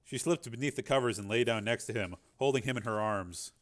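A man narrating a dramatic audiobook and voicing its characters with shifting pitch. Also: a little fast.

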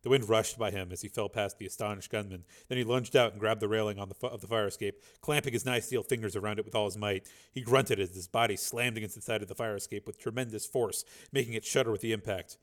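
A man narrating an action audiobook in a steady, driving read with a gravelly voice. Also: fairly low pitch, quick pace, hardly any pauses.

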